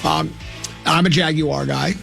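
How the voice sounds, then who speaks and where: Gravelly high-voiced male radio host. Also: steady tone, measured pace, a bit bright, soft background music. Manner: rambling, repeats words while thinking aloud. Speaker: radio sports talk host. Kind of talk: casual sports radio chat.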